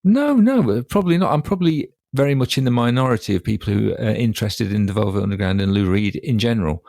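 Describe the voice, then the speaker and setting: Man in his 50s, low voice, wry and precise, dry close sound. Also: animated, fast, gravelly, a little mellow, no echo. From Derby, England. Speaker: podcast co-host. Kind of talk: casual chat.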